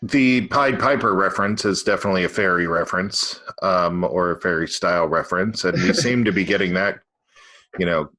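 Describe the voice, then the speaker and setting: Low-voiced man hosting casually. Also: fairly quick, hardly any pauses, bright, forceful tone. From California. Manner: easygoing, hesitant with ums. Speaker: podcast host. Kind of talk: casual interview chat.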